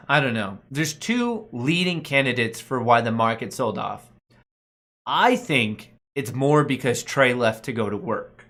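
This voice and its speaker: A man's voice: mid-range voice, fairly bright tone. A young man hosting a casual stock market live stream, reading his chat aloud and joking around with slangy banter and frequent laughs. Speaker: stock market livestream host.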